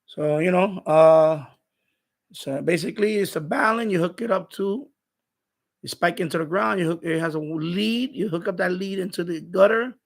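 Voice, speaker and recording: A man hosting a casual live stream, telling a story in an animated, ranting way and chatting with viewers. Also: sits high, normal speed, vocal fry.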